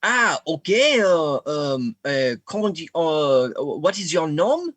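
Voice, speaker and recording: A man's voice: on the high side, big pitch swings, slow, fairly bright tone, dry recording, full character voice. A man putting on a thick French accent as a friend on the phone, hesitant and full of fillers. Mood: polite. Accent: put-on French.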